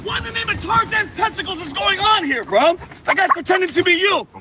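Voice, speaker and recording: A man voices a brash, rambling slacker husband in a comedy skit. His voice sits very high and races along. Traffic and outdoor noise are clearly heard behind him. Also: a little fast. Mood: excited. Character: goofy slacker bro of a husband. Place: outdoors among trees.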